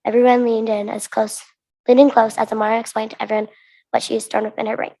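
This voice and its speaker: A woman's voice: on the high side, flat delivery, fast, gravelly, mellow. A young American woman reading her own story aloud to a conference audience, earnest and with restarts. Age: teens. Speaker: student reader.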